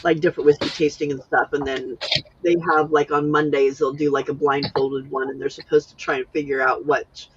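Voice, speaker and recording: A woman's voice: sits low, flat delivery, a little fast, highs cut off, slight background noise. A woman hosting a casual late-night crafting live stream, chatty and giggly, reading out viewer comments. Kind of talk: casual chat.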